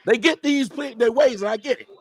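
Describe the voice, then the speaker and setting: A man arguing emphatically on a live-stream panel, sometimes rising to a shout. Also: very high-pitched, fairly quick. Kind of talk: heated live-stream debate.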